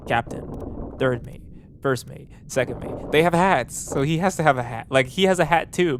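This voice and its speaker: A young man talks through a game as he plays, rambling and thinking out loud, stumbling over restarts and fillers. His voice sits in a middle pitch, and clear noise hums under the recording. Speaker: gameplay commentator. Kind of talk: casual let's play commentary.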